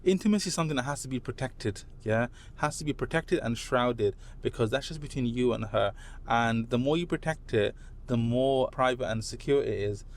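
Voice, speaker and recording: A man from London with a London English accent, a podcast guest telling animated stories and tagging his points with "right?". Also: medium pitch, a little fast. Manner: animated anecdotes, tags statements with "right?". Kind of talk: casual chat, storytelling.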